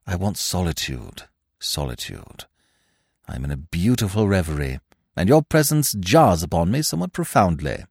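A man voicing a suave, verbose young gentleman in a storybook reading, speaking in ornate, grave, mock-sincere sentences. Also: deep voice, big pitch swings, moderate pace, gravelly, breathy edge, dry recording, clean studio sound, heavily acted. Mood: mock-solemn.

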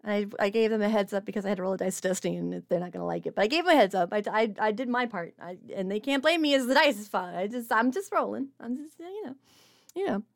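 A woman's voice: mid-range voice, lively intonation, quick pace, vocal fry. A woman hosting a tabletop game stream as its game master, chatty and stumbling over her words. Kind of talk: tabletop stream intro and announcements.

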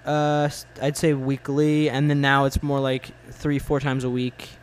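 A man in his twenties in casual chat about films, halting and blunt, with lots of fillers. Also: mid-range voice, monotone, clean tone, poor audio. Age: 20s. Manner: halting, full of "like" and "uh", blunt opinions. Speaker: film fan in conversation.

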